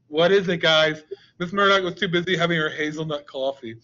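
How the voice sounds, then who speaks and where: Brief: upbeat male science teacher, high bright voice, teases students on a video call, lo-fi sound. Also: brisk. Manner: joking, teasing, coaxing students. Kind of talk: online class with a slide deck.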